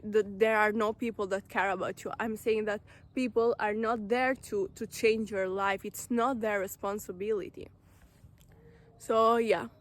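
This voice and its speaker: A woman giving an earnest, direct motivational talk to camera, repeating phrases for emphasis. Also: a little high. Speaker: self-help vlogger.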